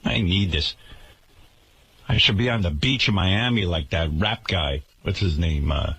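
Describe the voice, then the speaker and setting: A man's voice: deep voice, measured pace, a bit bright, slightly rough. A man hosting a radio talk show, delivering an indignant, sarcastic rant to his listeners.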